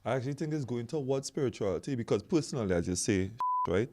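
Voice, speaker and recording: A man's voice: mid-range voice, animated, fast talker, background noise. A man explaining his view in a podcast discussion, often checking in with "right?". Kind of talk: casual discussion.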